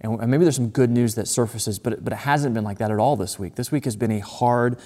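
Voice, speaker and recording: A man preaching a sermon in an earnest way, repeating phrases and slowing down to read scripture aloud. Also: mid-range voice, mellow, long reverb tail. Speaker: pastor.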